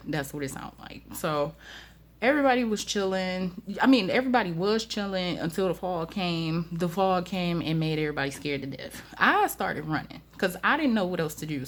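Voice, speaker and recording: A woman with a somewhat low voice narrates a storytime vlog in a casual, chatty way. She talks in animated, slangy phrases and repeats herself for emphasis. She laughs now and then. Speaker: storytime vlogger.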